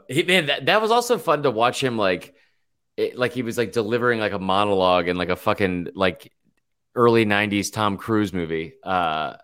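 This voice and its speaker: A man co-hosting a casual sports podcast, animated and loose, swearing freely. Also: fairly low pitch, fairly quick, clear, resonant tone. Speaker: podcast co-host.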